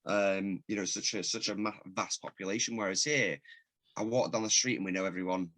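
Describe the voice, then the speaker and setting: Guesting on a laid-back podcast, a rapper and producer from England talks in a deep, fairly bright voice that stays fairly even in intonation and runs a little fast. He meanders from story to story with plenty of swearing and frequent laughter.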